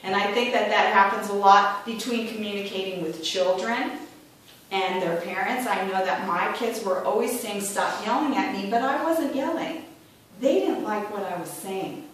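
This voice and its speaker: A woman's voice: mid-range voice, normal speed. A middle-aged woman giving a prepared speech to a club, chatty, acting out voices when she quotes people. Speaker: club speaker. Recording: echoey room from far off.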